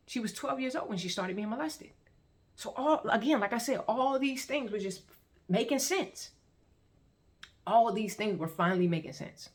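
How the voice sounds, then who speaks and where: A woman telling her personal story as testimony, in an animated, repetitive storytelling manner. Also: fairly high pitch, normal speed. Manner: animated storytelling with repeated phrases and acted-out quotes. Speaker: testimony vlogger.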